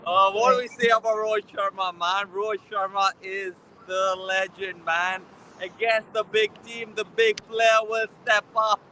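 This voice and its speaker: A man's voice: high-pitched, sharp tone, a little hiss or hum, poor audio. A man voicing a hyped male cricket pundit in a put-on Jamaican accent, ending his lines with "man". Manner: exuberant, chanting "man" at each line end. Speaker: cricket show panelist.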